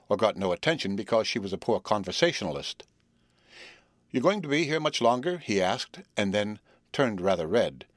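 Low-voiced male storybook narrator. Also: dry recording, studio quality. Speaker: audiobook narrator. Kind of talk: scripted narration.

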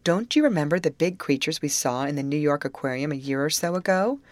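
A bright, take-charge teenage girl plans the day for her friends, voiced by a woman reader. Her lines sit raised above the reader's low natural voice and move with lively inflection. The audiobook sound is close and dry. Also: fast, dry recording. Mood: eager. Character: eager teen girl, leader of the group. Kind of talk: audiobook character reading.

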